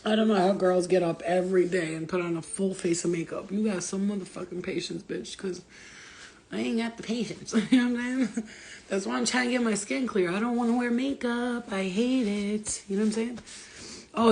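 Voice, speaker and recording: A woman's voice: medium pitch, breathy edge. A woman on a casual livestream, talking bluntly with lots of swearing and street slang as a spiritual reader.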